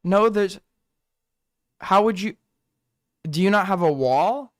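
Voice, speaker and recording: A man's voice: high-pitched, lively intonation, takes it slowly, dry recording, clean studio sound. A young man hosting a reaction commentary, incredulous and mocking, swearing freely and laughing at what he watches. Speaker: commentary host.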